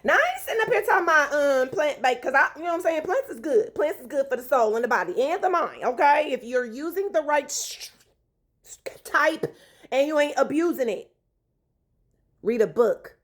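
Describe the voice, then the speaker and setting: Animated high-voiced woman vlogging. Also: normal speed. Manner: animated, slangy, dramatic retelling with swearing. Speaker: relationship advice vlogger. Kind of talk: casual storytelling monologue.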